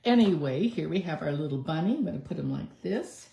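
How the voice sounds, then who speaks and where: A woman's voice: sits low, lively intonation, fairly quick, creaky, hardly any pauses, mellow. A woman doing a live card-making demonstration, chatting through each step as she works. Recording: echoey room.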